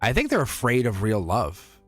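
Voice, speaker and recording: A man's voice: medium pitch, huge pitch swings, moderate pace, no echo, soft background music. A man giving a casual live-stream tarot reading. He talks in a chatty, emphatic, reassuring way and laughs often between phrases.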